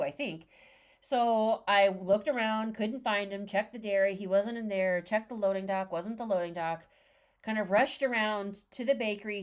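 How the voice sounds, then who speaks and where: A woman co-host chatting casually on a podcast, her voice sitting at a middle pitch. She tells her story with energy and acts out every line of dialogue along the way. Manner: animated, acts out quoted dialogue.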